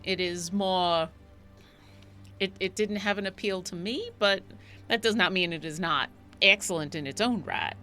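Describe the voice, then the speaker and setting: Woman player in character, bright voice, talks kinda formal and careful. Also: medium pitch, faint music behind. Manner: formal, measured speech. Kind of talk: in-character tabletop play.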